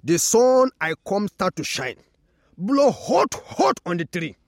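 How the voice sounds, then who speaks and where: An actor with a Nigerian accent playing a wise, patient older village herbalist who tells animated stories. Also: male voice, high-pitched, takes it slowly, vocal fry, no echo, full character voice. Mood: storytelling. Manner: playful, animated storytelling with laughs. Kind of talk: radio drama acting.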